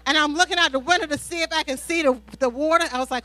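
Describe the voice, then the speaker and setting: Bright high-voiced woman preaching a sermon. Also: fast talker, low-quality recording. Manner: animated storytelling, call-and-response "Amen?". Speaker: pastor's wife preaching. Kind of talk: sermon with personal stories.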